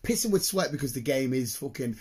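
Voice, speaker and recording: A man, hosting a casual chat, excitable and sweary, breaking into laughter. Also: fairly high pitch, brisk, slightly rough.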